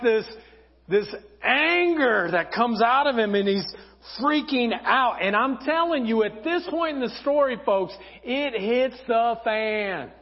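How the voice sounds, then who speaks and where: Animated pastor preaching in an echoey church. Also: male voice, very high-pitched. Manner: lively storytelling with acted voices. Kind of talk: sermon. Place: church hall. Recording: dull sound, long church reverb.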